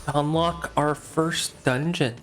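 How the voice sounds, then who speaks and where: A man with a fairly high, fairly bright voice speaks slowly and fairly evenly over faint background music. He's casually commentating a game on a live stream, rambling, often unsure of himself and poking fun at himself.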